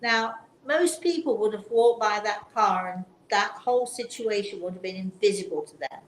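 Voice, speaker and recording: A woman hosting a chat show, telling a personal story in an earnest, gentle way and often restarting her sentences. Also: medium pitch, normal speed. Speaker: talk show host. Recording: roomy sound with faint background noise.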